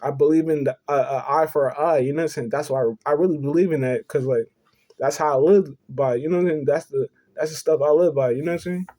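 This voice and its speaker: This young vlogger talks fast in a mellow, fairly high voice as he earnestly confesses a personal story. He rambles, repeats himself, and keeps dropping "you know what I'm saying."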